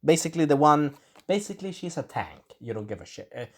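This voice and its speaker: A man giving a casual spoken review of a show episode, rambling and correcting himself, with an irritated throat that he keeps clearing. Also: a little high, lively intonation, fast.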